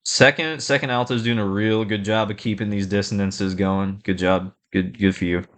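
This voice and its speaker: A man's voice: lowish voice, fairly even intonation, fairly bright tone, soft background music. A young man giving rambling, casual feedback on a band performance, breaking off to sing short phrases to show them. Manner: halting, full of fillers, sings phrases to show them. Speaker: band director reacting to a performance.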